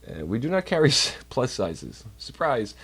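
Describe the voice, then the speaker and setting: A man's voice: mid-range voice, very animated, normal speed, fairly bright tone, slightly rough. A man chatting casually on a livestream from home, rambling and swearing while doing chores. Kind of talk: casual rambling stream chat. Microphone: computer mic while streaming.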